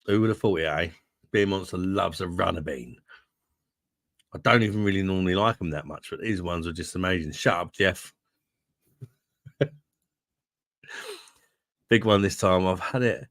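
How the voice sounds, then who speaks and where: Very deep-voiced bloke chatting. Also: male voice, animated, unhurried, pauses often, a bit bright, no room sound, studio quality. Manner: chatty, swears freely, calls viewers mate. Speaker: livestream host reading chat. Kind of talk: casual live chat.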